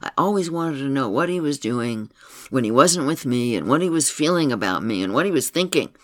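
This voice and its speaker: A man's voice: medium pitch, animated, brisk, close to an everyday voice. A man voicing an anxious, demanding woman in therapy, insistent and challenging in tone, in a story he reads aloud. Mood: reflective.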